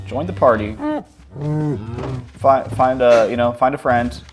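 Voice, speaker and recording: A man's voice: mid-range voice, a little slow, pauses often, music in the background. A man around thirty chatting casually over his gameplay, rambling and self-mocking, dropping to mumbles and jumping to yelps. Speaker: gaming vlogger.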